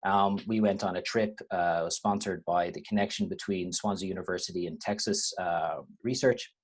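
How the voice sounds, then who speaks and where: Irish man with a low voice on a video call. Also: moderate pace, husky. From Ireland. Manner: relaxed, rambling, with frequent restarts. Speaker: university lecturer. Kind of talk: webinar talk.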